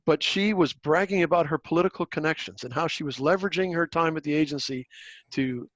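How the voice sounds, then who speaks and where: A blunt man with a slightly high voice, chatting on a podcast about politics. He swears easily and circles back through restarts as he talks. The sound is dry and a little dull and lo-fi. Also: brisk, fairly bright tone, no room sound. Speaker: podcast co-host. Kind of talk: casual political chat.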